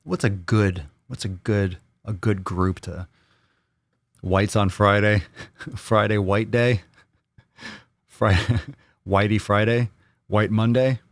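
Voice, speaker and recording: A man's voice: fairly low pitch, fairly even intonation, takes it slowly, long pauses, no echo, studio quality. An American man hosting a casual live Q&A, rambling and joking with his viewers, often repeating himself. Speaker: livestream host.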